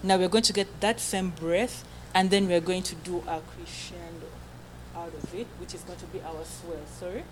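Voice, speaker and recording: A woman's voice: fairly low pitch, steady tone, normal speed, background noise. A woman leading a choir through breathing exercises, counting aloud, giving short commands and checking in often with "okay?". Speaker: choir vocal coach. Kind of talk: group breathing and singing lesson.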